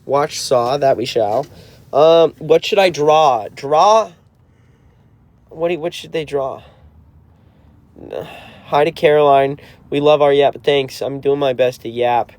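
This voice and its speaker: A man's voice: mid-range voice, a little slow, a little mellow. A man in his twenties in a car, chatting casually on a livestream and answering viewer comments. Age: 20s. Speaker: band member hosting a livestream.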